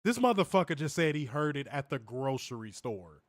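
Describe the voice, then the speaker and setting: A man co-hosting a wrestling review, his voice worn and hoarse, ribbing his co-host with profane mock threats. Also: mid-range voice, very animated, moderate pace, no room sound, studio quality. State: losing his voice. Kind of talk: casual podcast banter.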